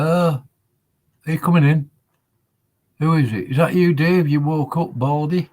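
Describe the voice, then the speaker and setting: With a fairly high, slightly mellow voice, a man chats on his own casual livestream. His talk is slow and meandering, full of pauses as he thinks aloud, punctuated by dry, dismissive comments.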